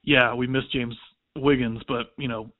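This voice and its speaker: A man's voice: medium pitch, level tone, normal speed, no room sound. A man, a guest on a podcast, giving easygoing, conversational sports analysis. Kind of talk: casual sports chat. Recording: tinny phone line, dry.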